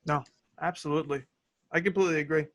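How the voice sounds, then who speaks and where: A man's voice: on the high side, steady tone, fast, dry recording. A man hosting a podcast interview, eager and agreeable, chatting casually with his guest. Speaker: podcast host.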